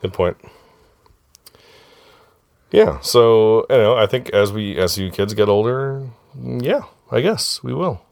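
A man's voice: mid-range voice, lively intonation, slow, vocal fry, long pauses, a little mellow, dry recording, studio quality. A middle-aged man hosting a casual family podcast with his kids, laughing often and joking loosely. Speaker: podcast host and father.

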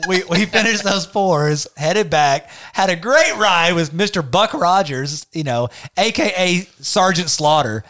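A man's voice: high voice, lively intonation, a little slow, hardly any pauses, a bit bright, no echo, clean studio sound. A man hosting a casual podcast, drawling and saying y'all. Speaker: podcast host.

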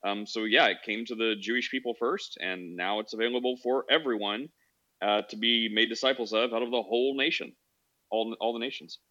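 A man's voice: mid-range voice, a little fast, bright, forceful tone. A man hosting a social audio room, chatting in an easygoing way and leaning on fillers. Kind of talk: casual chat. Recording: dull lo-fi audio.

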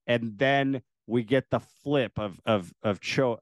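A man's voice: medium pitch, a little slow, no room sound. Rambling man podcast co-host, many fillers. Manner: rambling, filler-heavy, laughs often. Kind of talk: casual movie chat.

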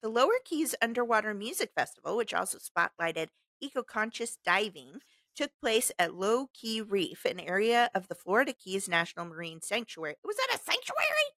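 A woman's voice: mid-range voice, animated, moderate pace, fairly bright tone, no room sound. A woman co-hosting a podcast, reading a news story aloud with sarcastic asides and frequent laughter. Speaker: podcast co-host.

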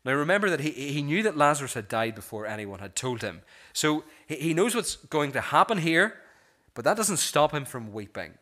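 A male pastor preaching a sermon in an earnest way, slowing and softening on key phrases and often restarting with repeated words. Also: fairly high pitch, sing-song.

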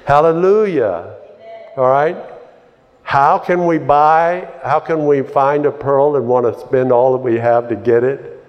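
A man preaching with slow, deliberate delivery and a middle-pitched voice. He is fervent, circling back over his phrases and calling out hallelujah and amen. The sound lingers in a long hall reverb. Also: muffled recording. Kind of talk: sermon.

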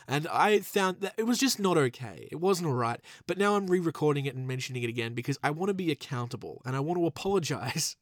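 A man's voice: fairly high pitch, no echo, clean studio sound. A man with a nasal voice, coming down with a cold, hosting a casual podcast in a rambling, self-deprecating way with lots of fillers. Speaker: podcast host.

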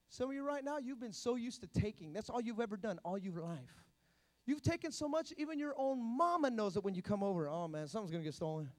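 A male preacher giving an animated sermon, swinging between hushed and loud delivery. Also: very high voice.

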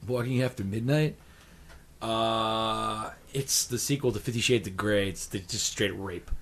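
A man's voice: on the low side, unhurried, a bit bright. A man making dry, sarcastic quips as a panelist on a comedy podcast.

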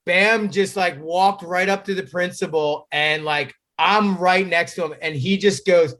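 A man's voice: sits high, measured pace. Man telling a wild story, laughing. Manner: animated, swearing, laughing mid-sentence. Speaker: guest. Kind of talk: casual storytelling.

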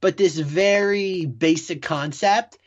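Husky, halting podcast man. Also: sits high. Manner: halting, full of likes and restarts. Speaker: podcast co-host. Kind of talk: casual podcast chat. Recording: dull lo-fi mic.

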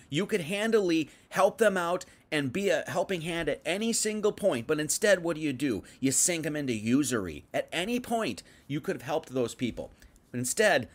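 A man teaching on a Bible passage in a livestream, chatty, dropping to quiet asides and then rising to emphatic bursts, reading verses aloud and paraphrasing them loosely. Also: a little high. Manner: conversational, swings from quiet asides to emphatic outbursts. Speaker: preacher.

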